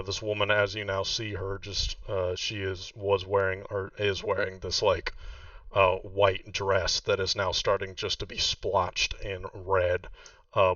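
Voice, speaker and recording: A man's voice: lowish voice, a bit bright, no echo. A man narrating a tabletop game as game master, rambling with many fillers. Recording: distant muffled mic.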